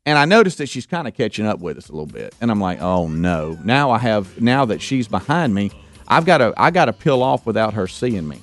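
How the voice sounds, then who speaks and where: A man hosting a live radio show, telling a story in an animated way, repeating words and acting out what people said. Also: fairly low pitch, brisk, no echo. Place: radio studio.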